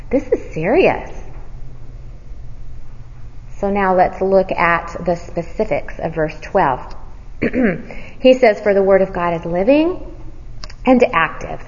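A woman preaching a sermon. She asks the listeners questions and answers them herself, and she sometimes drops to a hushed near-whisper for emphasis. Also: medium pitch, expressive, takes it slowly, long pauses. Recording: dull audio with long hall reverb.

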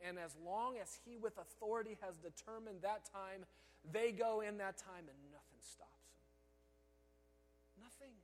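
A man preaching a sermon as pastor, emphatic, swinging from loud declarations to hushed asides. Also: high voice, in a large hall, slight background noise.

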